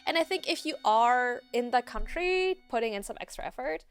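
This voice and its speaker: A French-speaking woman streamer with a fairly high, expressive, smooth voice chats at normal speed over the game she's playing. She rambles happily and laughs easily throughout her casual gameplay commentary.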